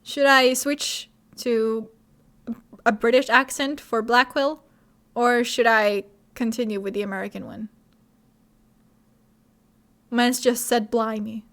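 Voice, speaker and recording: A woman's voice: a little high, steady tone, slow, pauses often, a bit bright. A young woman streamer chatting casually and jokingly, rambling between voiced lines. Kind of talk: casual commentary while dubbing a game.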